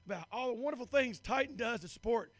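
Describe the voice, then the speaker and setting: A hoarse man announcing and interviewing at a live powerlifting meet, upbeat and eager, affirming his guest often. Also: very high voice, animated, fast.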